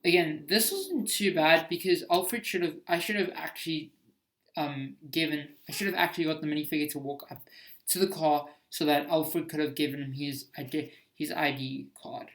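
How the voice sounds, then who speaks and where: A man's voice: a little high, moderate pace, a bit bright. A man giving casual commentary on his own homemade film, hesitant and self-critical, with many restarts.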